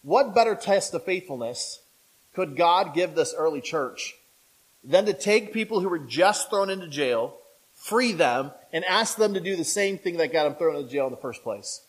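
High-voiced guy pastor giving a sermon, chatty, asks the crowd questions, does little voices. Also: moderate pace, breathy edge, low-quality recording. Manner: animated, acts out quoted voices; conversational, asks the audience questions.

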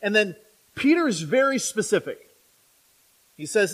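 High-voiced man preaching a lively sermon. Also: measured pace, long pauses. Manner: conversational, with frequent "right?" tags to the congregation; animated, acting out imagined speakers.

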